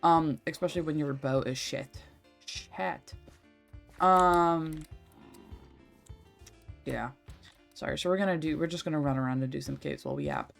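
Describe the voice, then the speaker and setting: Young woman, gaming streamer, rambling casual chat, swears a lot, lowish voice, faint music behind. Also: a little slow, gravelly, pauses often. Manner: rambling, chatty, swears freely, many fillers.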